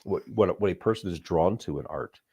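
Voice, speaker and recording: Casting: sick male co-host, very low gruff voice, digressive. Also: brisk, dark tone. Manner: thoughtful, digressive. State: sick, rough voice. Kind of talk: casual chat.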